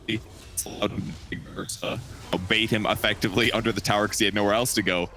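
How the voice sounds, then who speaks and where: A man giving relaxed analytical color commentary on an esports match. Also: lowish voice, fast, a little hiss or hum. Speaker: esports co-caster.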